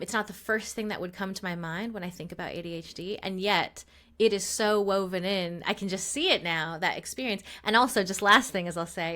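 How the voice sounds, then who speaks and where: A woman hosting a podcast interview, reflecting out loud with a few fillers as she responds to her guest. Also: mid-range voice. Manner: reflective, thinks aloud with fillers. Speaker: podcast host. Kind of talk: conversational interview.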